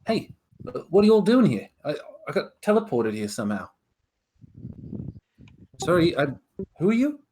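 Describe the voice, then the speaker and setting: A man's voice: on the high side, big pitch swings, moderate pace, pauses often, darkish tone, slightly rough, voice pushed up. A man voicing a suspicious male rabbitfolk doppelganger in a tabletop game.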